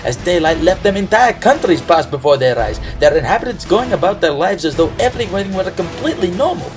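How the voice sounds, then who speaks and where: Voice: mid-range voice, expressive, a little fast. A storyteller giving a playful, comic reading of a folk tale, tossing in jokey asides and building to big exclamations. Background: music.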